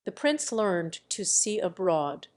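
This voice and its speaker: An eager young woman painter, read by a woman who pleads and chatters with lively curiosity. The reading pace stays slow and even. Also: mid-range voice.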